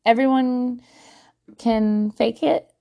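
A woman's voice: a little high, steady tone, slow pace, creaky, mellow. A woman in her thirties, chatting casually to camera as a parenting vlogger, self-mocking and laughing often.

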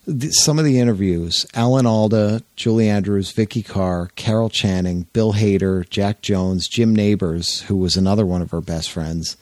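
A man hosting a podcast, chatting casually and retelling an anecdote with lively jumps into quoted voices. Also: normal speed, hardly any pauses, no echo. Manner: animated storyteller, jumps up in pitch for quoted voices. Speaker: podcast host.

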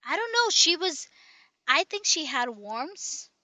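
A woman's voice: sits high, sing-song, slow pace, pushed and bright, no echo. A woman in casual chat, telling a long rambling story full of restarts and tag questions.

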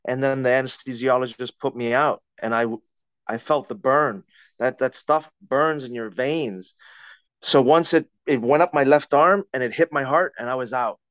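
A man's voice: mid-range voice, normal speed, fairly bright tone, clean tone, no echo, lo-fi sound. A man, a podcast guest, telling a personal story in conversation with vivid, dramatic retelling and acted-out quotes.

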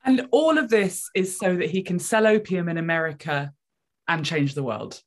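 A woman co-hosting a casual podcast discussion of a TV episode, giving expressive, opinionated reactions. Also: lowish voice, normal speed. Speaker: podcast co-host.

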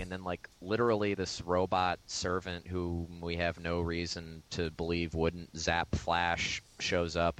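A man's voice: sits low, a bit bright, rough recording. A man co-hosting a podcast, talking casually about films with frequent laughs and fillers. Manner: chatty, laughs often, many fillers. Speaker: podcast co-host. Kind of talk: casual film discussion.

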